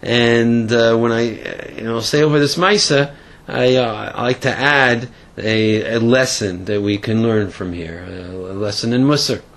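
A man telling a story and then drawing a moral lesson from it, speaking in a halting way that often repeats words. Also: mid-range voice, fairly bright tone. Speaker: religious storyteller and teacher.

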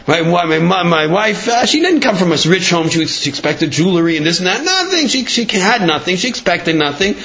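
A man's voice: high voice, very animated, a little fast, few pauses, a bit bright, exaggerated voice. A man voicing an earnest scholar who pleads with his mother and later speaks humbly of his wife. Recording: dull lo-fi recording.

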